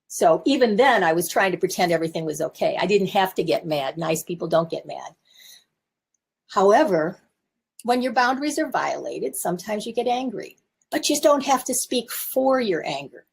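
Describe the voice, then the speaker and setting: A woman's voice: medium pitch, sing-song, normal speed, vocal fry, husky. A woman in her seventies, a therapist and teacher, giving candid, self-reflective coaching talk from her office. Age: 70s. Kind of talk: casual talk to camera.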